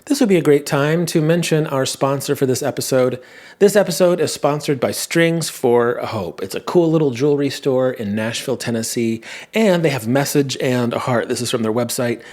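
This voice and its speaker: A man's voice: mid-range voice, moderate pace, darkish tone. A man in his thirties hosting a podcast, musing aloud in a rambling, self-questioning way. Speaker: podcast host and comedian. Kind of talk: casual monologue.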